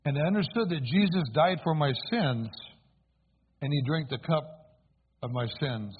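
A man's voice: on the high side, moderate pace, a little hiss or hum. A man preaching his own conversion story as a sermon, telling it earnestly and asking the congregation for replies. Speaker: preacher giving testimony. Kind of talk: sermon testimony. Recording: tinny phone-like sound.

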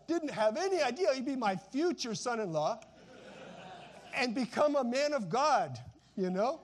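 Middle-aged man, high voice, pastor giving an informal seated sermon, chatty asides, repeats lines for emphasis. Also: very animated, normal speed. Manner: informal, repeats phrases for emphasis, frequent "you know" asides; preaching while seated. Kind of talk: conversational sermon.

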